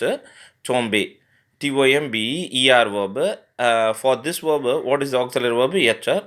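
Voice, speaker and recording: Male tutor, mid-pitched, halting explainer who spells verbs out letter by letter. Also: sharp tone. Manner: spells words letter by letter, frequent fillers and restarts. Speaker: French teacher. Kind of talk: grammar lesson explanation.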